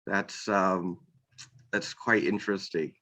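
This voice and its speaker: A man hosts an interview, speaking slowly and carefully, pausing often to find his words. His voice is bright and clear-edged. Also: low voice, fairly even intonation. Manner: slow, searching, many ums and restarts. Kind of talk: casual interview talk.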